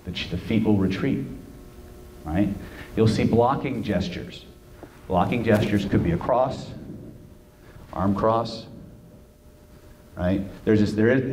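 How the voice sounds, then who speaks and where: A man presenting a live seminar to an audience, animated and joking, who keeps checking in with "right?". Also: fairly low pitch. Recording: roomy room with faint noise.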